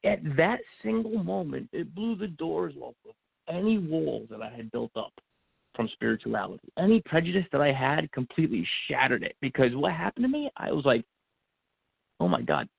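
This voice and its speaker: A man guest on a podcast telling an emotional personal story, animated and acting out what people said, with many fillers and restarts. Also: fairly high pitch, moderate pace, gravelly, husky, dry recording. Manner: animated, acts out quotes, frequent fillers and restarts. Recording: phone-like narrow band audio.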